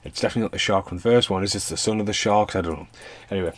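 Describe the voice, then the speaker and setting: A man's voice: low-pitched, rapid-fire. A man giving a rambling, casual film review rant, swearing freely and laughing between points.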